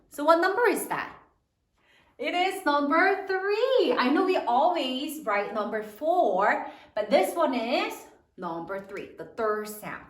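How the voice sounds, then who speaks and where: Slow, sing-song woman teaching spelling. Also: high-pitched, sing-song, distant mic. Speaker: third grade teacher. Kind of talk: spelling lesson for children. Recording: echoey room, voice off-mic.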